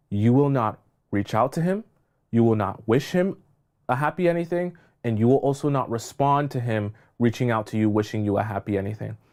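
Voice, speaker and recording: A man's voice: medium pitch, darkish tone. A man coaching on dating in a live stream, emphatic and scolding, repeating phrases for stress. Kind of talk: live-stream relationship advice.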